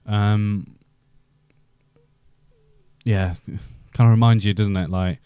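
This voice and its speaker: A man's voice: on the low side, steady tone, slow pace, mellow, smooth, no room sound, highs cut off. A young Welsh man hosting a casual live stream, rambling in a chatty way with lots of fillers and restarts. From Wales. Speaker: livestream host.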